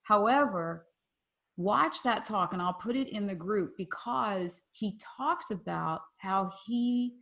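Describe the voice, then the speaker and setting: A woman in her forties hosting a group call, telling a personal story in a lively way and acting out the voices in her quotes. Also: mid-range voice, takes it slowly, gravelly. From Philadelphia area. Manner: animated, acts out voices in quotes. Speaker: mastermind group host.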